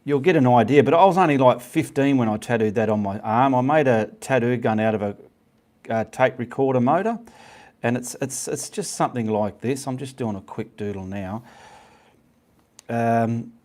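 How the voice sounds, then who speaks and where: Australian man, middle-aged, rambling casual live-stream chat, mid-pitched voice. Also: normal speed, a little mellow. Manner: rambling, easygoing, says okay often. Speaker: host of a live painting stream.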